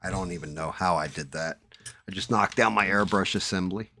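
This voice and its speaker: Deep-voiced man cursing on a live stream. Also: brisk, pushed and bright, slight background noise. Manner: profane, mutters to himself while working. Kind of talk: casual chat while painting. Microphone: headset.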